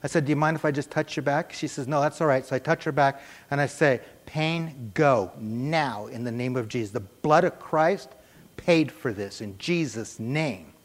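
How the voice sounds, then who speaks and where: A middle-aged man preaching a sermon in a conversational, animated way, telling a personal story and acting out the voices in it. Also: mid-range voice, moderate pace. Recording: reverberant church hall.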